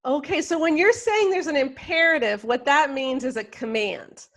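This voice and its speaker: A woman's voice: high voice, normal speed. A woman hosting a podcast, asking clarifying questions and restating points plainly. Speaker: podcast host. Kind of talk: podcast interview.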